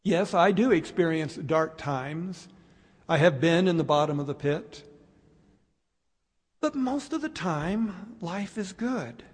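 A man preaching a sermon, slow and reflective, with dramatic pauses. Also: a little high, lively intonation, slightly rough. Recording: long hall reverb.

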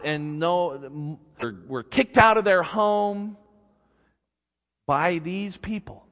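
Man pastor, folksy storyteller, slow and animated, big reverberant church. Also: sits high. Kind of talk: sermon. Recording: long reverb in a big hall.

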